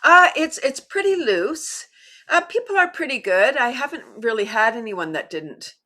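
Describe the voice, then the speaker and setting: A middle-aged woman who leads laughter yoga, talking as a guest in an animated way and often breaking into demonstration laughs. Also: fairly high pitch, normal speed. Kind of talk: conversational interview.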